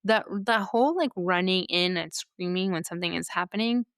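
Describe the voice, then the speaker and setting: Smooth-voiced woman ranting casually. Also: on the low side, fairly quick, dry recording, clean studio sound. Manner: animated, sarcastic, rhetorical asides. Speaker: podcast host. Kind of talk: casual commentary.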